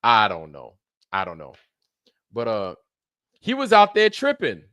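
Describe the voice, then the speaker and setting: A man's voice: fairly low pitch, wildly swooping pitch, measured pace, sharp tone, dry recording. A man hosting a livestream in casual, rambling chat, swearing freely and laughing often. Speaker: livestream show host.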